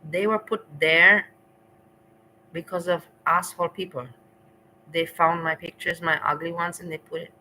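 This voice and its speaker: Chatty livestreaming woman, bright voice. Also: deep voice, fairly even intonation, moderate pace, a little hiss or hum, poor audio. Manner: rambling, laughs often, talks back to chat. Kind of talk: casual livestream chat to viewers.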